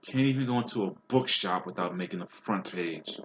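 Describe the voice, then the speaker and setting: A man's voice: low-pitched, fairly quick, highs cut off, noisy background, natural voice. A man reading aloud and voicing a spoiled schoolboy wizard who taunts in a drawl. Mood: taunting.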